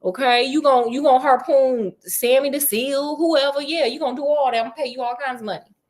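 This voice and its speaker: A woman's voice: normal speed, natural voice. A woman voicing a cocky, bossy male detective in slangy street talk during a comedic story retelling. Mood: fake-friendly. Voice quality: low, drawling slang swagger.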